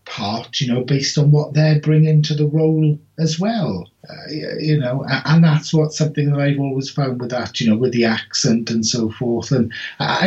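In a lo-fi recording, a man with a mid-range, slightly mellow voice co-hosts a podcast. His casual talk rambles, packed with fillers and restarts.

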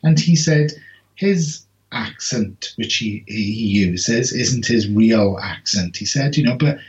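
A man's voice: lowish voice, expressive, takes it slowly, a little mellow. Male podcast co-host, rambling and restarting, lo-fi sound. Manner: rambling, many fillers and restarts. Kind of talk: casual chat.

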